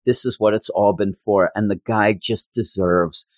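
Podcast co-host, male, low-pitched, dry close sound, earnest and emotional comic chat. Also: fairly even intonation, unhurried, no echo. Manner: earnest, emotional, talks with repeated restarts. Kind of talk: casual comic book review chat.

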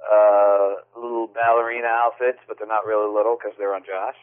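A man's voice: lowish voice, level tone, moderate pace, smooth. A man co-hosting a podcast in casual chat, teasing and sarcastic. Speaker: podcast co-host. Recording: tinny phone-line sound.

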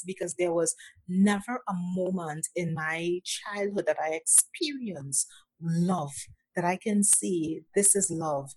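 A woman from Nigeria, a guest on an interview, telling her own story in a slow, halting way with many restarts. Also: fairly low pitch, a little mellow, slightly rough, no echo, rough recording. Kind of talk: personal testimony.

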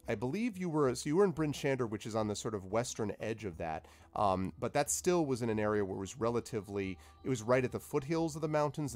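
A man's voice: fairly low pitch, a little mellow. A man narrating as game master of a tabletop game, rambling with many fillers.

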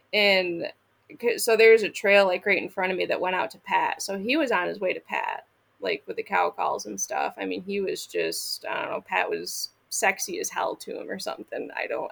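Gravelly michigan woman, podcast guest, swears a lot telling her story. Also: mid-range voice, moderate pace. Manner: blunt and profane, acts out quoted lines. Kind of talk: casual storytelling.

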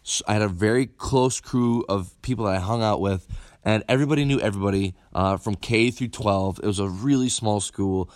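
A man, telling a personal story in a candid, animated way, cursing freely and stumbling over repeated words. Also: lowish voice, fairly quick, dry recording, clean studio sound. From upstate New York. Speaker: motivational speaker.

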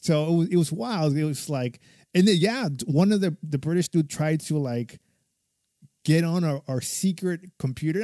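A man's voice: on the high side, normal speed, dark tone, dry recording, clean studio sound. Profane, laughing man telling war stories. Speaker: podcast guest or co-host, military veteran. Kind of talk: casual conversation, personal stories.

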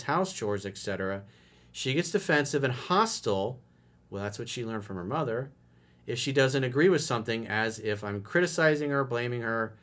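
A man with a mid-pitched voice talks a listener through a relationship problem. He is blunt and direct, swears freely, and lets his voice rise and fall as he acts out what to say. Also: a bit bright. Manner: blunt, direct and profane, acting out lines of dialogue. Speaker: relationship advice host. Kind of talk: advice monologue answering a listener letter.

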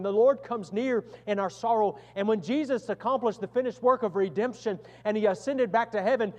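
A man preaching a sermon as pastor, earnest, swinging from loud emphasis to hushed tones. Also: sits high, long reverb tail.

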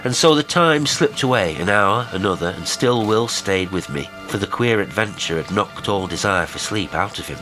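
A man reading a horror story aloud, with measured, dramatic storytelling. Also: fairly low pitch, animated, over music, poor audio. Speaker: podcast narrator. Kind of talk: scripted horror narration.

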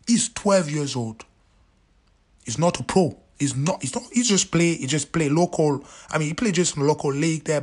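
A man in his late thirties with a slightly high, somewhat rough voice hosts his own show. He gives an opinionated, emphatic commentary monologue, repeating his points and at times sinking almost to a whisper.

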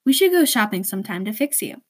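A woman's voice: mid-range voice, sing-song, quick pace, husky. A woman voicing a bossy, critical teenage girl friend who talks sharply and mockingly.

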